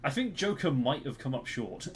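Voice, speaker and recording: A British man talks through a live game in a lively, swooping voice, cursing and complaining about his teammates as he plays. His tone rises and falls a lot. A faint clack of typing sits under his voice. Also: medium pitch, moderate pace, a little hiss or hum. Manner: swears and grumbles at teammates. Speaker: streamer. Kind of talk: live gameplay commentary.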